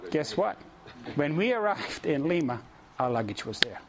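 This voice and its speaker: Animated, higher-voiced male preacher. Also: normal speed. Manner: animated, chuckles often, direct to audience. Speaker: preacher leading mission trips. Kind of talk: storytelling sermon.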